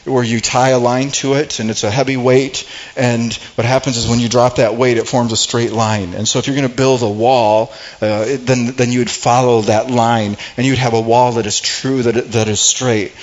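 A man's voice: mid-range voice, steady tone, moderate pace, highs cut off. A pastor preaching a sermon in a conversational way, often repeating words and restarting his sentences.

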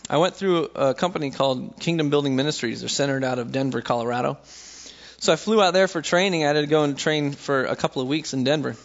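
A young man talks through faith and fatherhood in a relaxed, sermon-like style, slipping into little voices when he quotes people. His voice sits a bit high and has a gravelly edge. The recording sounds dull and lo-fi. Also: quick pace. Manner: conversational storytelling, acts out quotes with voices. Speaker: speaker sharing faith reflections. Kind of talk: casual sermon-style talk.

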